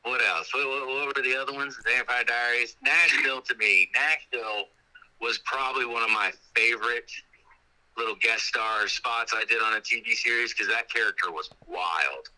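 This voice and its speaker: A man's voice: medium pitch, fairly even intonation, moderate pace, bright, forceful tone, poor audio. A man in casual interview talk, telling rambling stories with many restarts. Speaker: actor guest.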